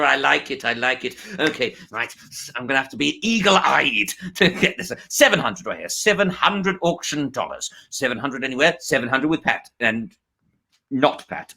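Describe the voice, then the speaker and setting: A man's voice: on the high side, animated, moderate pace, vocal fry, pushed and bright, low-quality recording. A man hosting a comic online auction, bumbling and hesitant with many fillers but playful. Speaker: comedy auctioneer host.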